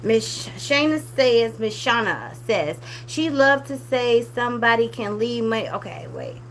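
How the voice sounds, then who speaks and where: Bright, scolding woman commentator. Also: on the high side, a little slow, a little hiss or hum. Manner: animated, scolding, drops to a hushed whisper at times. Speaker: commentary channel host. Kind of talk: casual commentary reading viewer comments.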